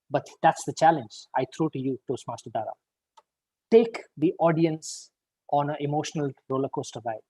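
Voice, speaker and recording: A man giving an upbeat, encouraging evaluation of a speech at an online club meeting, stressing words and pausing for effect. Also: a little high, darkish tone, slightly rough, no room sound, poor audio.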